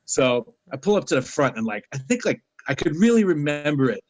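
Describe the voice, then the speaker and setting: New man telling a lively story. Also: fairly high pitch, a little fast, no room sound, rough recording. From New York City. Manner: animated anecdotes, acting out quoted dialogue. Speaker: interview guest. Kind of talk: casual storytelling.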